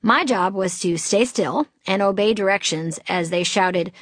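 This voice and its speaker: A woman's voice: mid-range voice, unhurried, few pauses, no room sound, studio quality. A middle-aged woman from Boston reading her own memoir aloud, candid and wry with comic timing. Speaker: author narrating her memoir.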